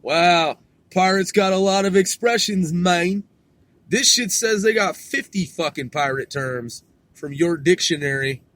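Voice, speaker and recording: A man's voice: sits high, a little slow, a bit bright, dry recording. A man hosting a podcast in a casual, rambling monologue, laid-back and profane, chuckling often. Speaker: podcast host.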